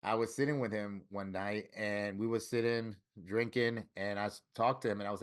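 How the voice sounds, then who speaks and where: Middle-aged man, lively storyteller. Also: fairly low pitch, normal speed, few pauses. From Florida, US. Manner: lively storyteller who acts out quoted dialogue. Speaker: tattoo artist and interview guest. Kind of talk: casual storytelling interview.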